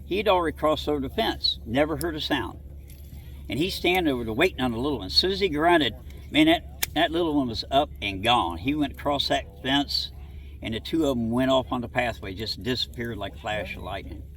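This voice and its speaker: A man's voice: mid-range voice, animated, brisk, fairly bright tone. A middle-aged man from southwest Ohio telling a childhood story in an interview, folksy and rambling, acting out bits of dialogue. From southwest Ohio, USA. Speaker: interviewee recounting childhood encounters. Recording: distant mic, faint background noise.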